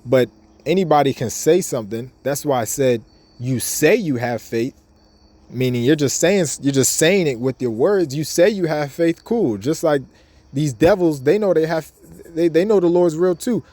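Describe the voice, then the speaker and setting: Mellow-voiced man teaching scripture casually. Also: on the high side, lively intonation, moderate pace, dry recording. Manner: casual, repetitive, restarts often, reads verses aloud. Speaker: bible teacher.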